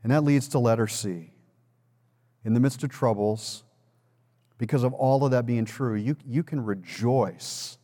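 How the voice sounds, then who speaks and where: This pastor's mellow, medium-pitched voice has fairly even intonation and normal speed, with frequent pauses. Preaching in a church sanctuary full of long hall reverb, he shares a personal story conversationally and builds to emphatic peaks.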